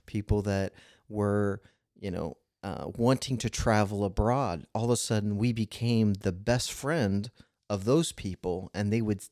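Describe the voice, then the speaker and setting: Low-voiced man, rambling. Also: a little slow, a little mellow, no room sound, clean studio sound. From United States. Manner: rambling, frequent restarts, laughs while telling anecdotes. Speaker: podcast co-host. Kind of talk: casual conversation.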